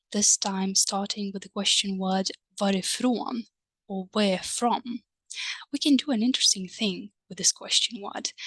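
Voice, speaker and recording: A woman's voice: mid-range voice, dry recording. Patient woman teacher, dry close sound. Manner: patient and explanatory, checks in with the viewer through rhetorical prompts; drawn-out fillers and soft hums of agreement. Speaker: language teacher. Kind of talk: recorded online language lesson.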